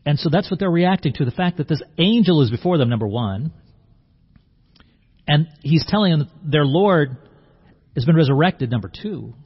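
A man's voice: fairly high pitch, lively intonation, moderate pace, pauses often, husky, highs cut off. A man preaching a sermon in a conversational way, acting out the scene and often restarting his words. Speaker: pastor.

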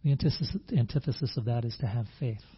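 Male pastor, husky voice, earnest sermon, dull lo-fi recording. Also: medium pitch, fast. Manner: earnest, with repeated words and restarts. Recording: dull lo-fi sound.

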